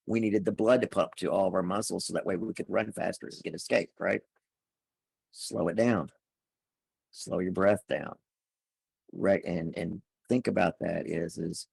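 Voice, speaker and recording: A man's voice: deep voice, gravelly, darkish tone, husky, no echo. A man, a podcast guest, talking through ideas step by step and often repeating words as he starts a phrase. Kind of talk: conversational explaining.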